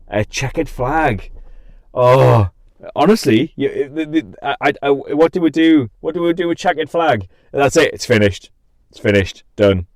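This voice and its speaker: Young male streamer, lively pitch, dry close mic, giggly and scattered, casual chat. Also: dry recording. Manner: giggly, scattered, self-interrupting. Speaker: podcast and stream host.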